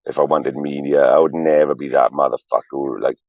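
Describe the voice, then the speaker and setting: A man's voice: rumbling low, steady tone, a little fast, dry recording, lo-fi sound. A man in his forties, a streamer, rambling on a livestream in a profane, emotional, confessional way.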